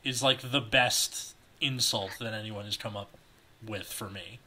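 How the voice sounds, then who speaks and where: A man's voice: on the low side, measured pace, a little hiss or hum. A man co-hosting a comedy podcast, reading a fan story aloud and riffing wryly. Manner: animated, wry, laughs easily.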